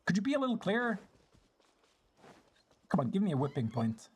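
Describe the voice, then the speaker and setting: Goofy, animated game streamer. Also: medium pitch, brisk, breathy edge. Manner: goofy, self-mocking, rambling. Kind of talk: casual live-stream commentary.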